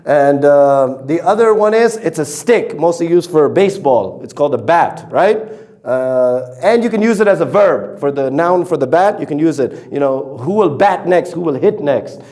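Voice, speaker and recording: A man from Afghanistan teaches English pronunciation in a casual, unscripted way. His voice sits a little high, and he talks his way through the examples, pausing often on fillers and saying each example word more than once. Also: lively intonation, darkish tone. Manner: explains slowly with many fillers and repeated examples. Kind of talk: casual classroom-style lesson. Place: teaching in Kabul.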